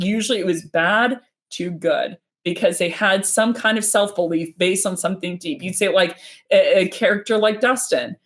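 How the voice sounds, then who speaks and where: A woman chats as a guest on a casual livestream. She talks in a quick, rambling way and often backs up to restart a sentence. Her voice sits in a middle pitch. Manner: fast, rambling, with many restarts. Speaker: guest speaker.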